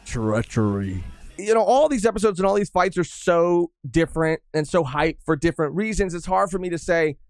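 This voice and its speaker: A man co-hosting a podcast, reacting to an anime episode in excited, slangy, casual chat. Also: high voice, fairly quick, few pauses, dry recording, clean studio sound, soft background music. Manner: excitable, slangy, swears often. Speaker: podcast co-host.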